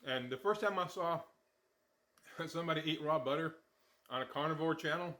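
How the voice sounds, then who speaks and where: A man's voice: a little high, moderate pace, pauses often, pushed and bright. A man hosting a casual how-to cooking vlog in his home kitchen, talking in a folksy, chatty way and sometimes eating as he speaks. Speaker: diet vlogger.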